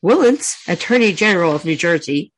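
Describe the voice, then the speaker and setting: A woman with a fairly low voice co-hosting a podcast. She reads a case aloud at a steady pace and teases her partner in between. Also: brisk, low-quality recording. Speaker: podcast co-host. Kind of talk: casual chat and reading aloud.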